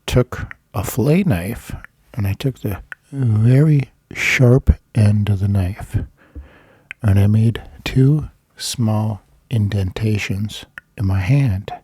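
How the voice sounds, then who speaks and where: A man telling a casual anecdote in a rambling way, with many filler pauses. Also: fairly low pitch, warm tone, breathy edge, no room sound, clean studio sound. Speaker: storyteller.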